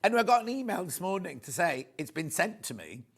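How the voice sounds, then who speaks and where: A man's voice: high voice, sing-song, fairly quick, a bit bright, slightly rough. A man presenting live on a shopping channel from a TV studio, chatting in a rambling, gushing way with plenty of asides. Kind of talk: live sales demo chat.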